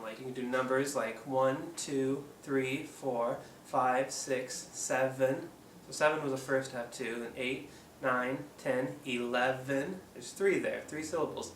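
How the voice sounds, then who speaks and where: A little slow and steady in tone, this Oregon man's mid-range voice comes across fairly bright as he rambles through an informal puppeteering how-to for his channel, hesitating with frequent ums and restarts. He's recorded far from the mic in an echoey space with a faint hum.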